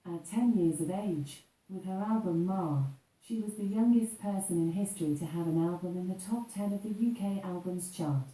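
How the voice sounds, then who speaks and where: Brief: low, dark-toned synthetic female assistant, even delivery, heard from across an echoey room. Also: normal speed, hardly any pauses, far from the mic. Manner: even, informational reading.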